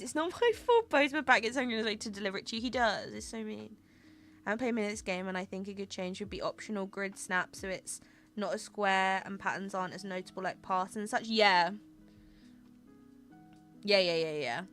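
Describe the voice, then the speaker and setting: A woman's voice: medium pitch, a bit bright. A young woman chatting casually with her viewers while she plays and streams a game, gushing over small things.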